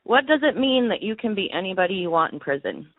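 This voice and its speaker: A woman's voice: medium pitch, very animated, quick pace, no echo, narrow, tinny audio. Woman reading questions over a thin line.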